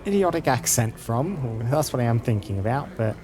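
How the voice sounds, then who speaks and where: A man's voice: mid-range voice, animated, normal speed, few pauses. Guy doing a lets play, wry and dry, voice goes up and down a lot, some music in the back. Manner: wry, reads game dialogue aloud. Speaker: gaming streamer. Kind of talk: let's-play commentary.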